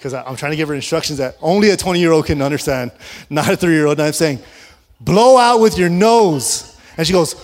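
An animated man telling a story from the pulpit in a fairly high voice. He laughs often and acts out the lines of everyone in the story. His sermon delivery is lively and playful. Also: fast. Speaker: pastor.

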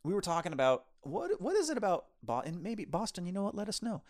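This man talks fast in a high-pitched voice while co-hosting a podcast that reviews films. In a casual, chatty way, he wanders through anecdotes as a lively, rambling storyteller.

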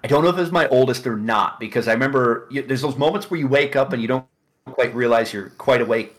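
A man's voice: mid-range voice, quick pace. A man, a guest on a casual podcast, telling a long story with many restarts and asides.

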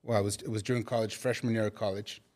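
A man's voice: on the low side, quick pace. South African man telling a story. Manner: relaxed, rambling, frequent restarts. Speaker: guest. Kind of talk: casual conversational storytelling.

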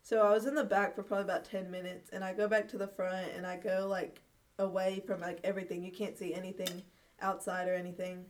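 A woman's voice: medium pitch, little pitch movement, fast talker. A young woman tells a long, rambling story in a casual chat, with plenty of fillers and bursts of laughter. She sits a little back from the microphone, so her voice sounds slightly distant. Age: young adult. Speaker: guest.

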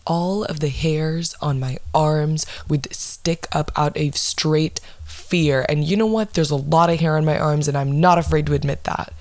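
Low, blunt, swearing young woman. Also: a little slow, few pauses, a little mellow, no room sound. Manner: blunt, heavy swearing, dramatic asides. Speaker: podcast host. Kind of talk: casual profane storytelling rant.

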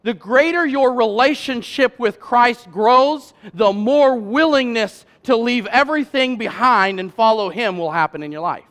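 A man preaching a sermon as pastor, talking in a loose conversational way and building to loud, emphatic peaks. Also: very high voice, unhurried, hardly any pauses.

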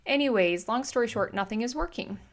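A woman in her thirties hosting a podcast, telling a story in a chatty, animated way, full of slang and fillers. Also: a little high, fairly quick. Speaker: podcast host. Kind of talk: casual storytelling monologue.

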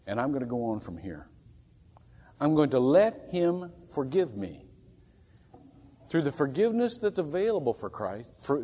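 A man preaching a sermon as a pastor, swinging from loud acted outbursts to soft, near-whispered pleas. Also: medium pitch. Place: church sanctuary. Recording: long hall reverb from a church.

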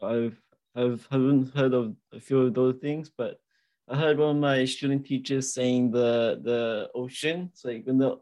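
A man's voice: medium pitch, unhurried. A man interviewing a guest casually, giving short replies and asking easygoing questions. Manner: relaxed, laughs along, short replies.

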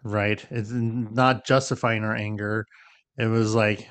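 A man's voice: on the low side, flat delivery, a little slow, fairly bright tone, clean tone, dry recording. A man co-hosting a podcast, explaining ideas in casual conversation and often checking in with "right?". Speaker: podcast co-host.

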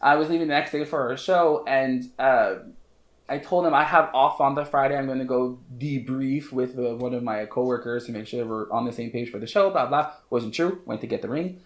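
A man, a hairstylist guest on a podcast, telling a story in an animated, casual way, full of fillers and repeated phrases. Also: medium pitch, brisk. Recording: roomy echo.

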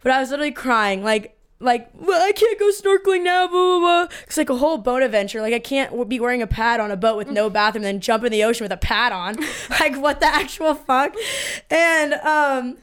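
A woman in her twenties co-hosting a podcast and telling a story in a casual, animated way, swearing freely and acting out quotes. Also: on the high side, a little fast, clean tone. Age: 20s. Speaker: podcast co-host.

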